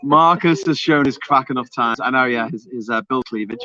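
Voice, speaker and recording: A man's voice: medium pitch, fairly quick, crowd noise. A man co-hosting a live stream, teasing his co-host and reading out super chats in casual banter. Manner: teasing, jokey, animated. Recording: slightly dull lo-fi stream audio.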